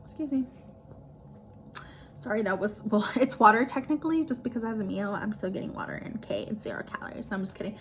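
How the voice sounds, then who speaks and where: A woman's voice: medium pitch, quick pace, slight background noise. A woman talking casually and emotionally in a personal vlog, with lots of "like" fillers. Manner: chatty, emotional, heavy use of "like". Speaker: vlogger.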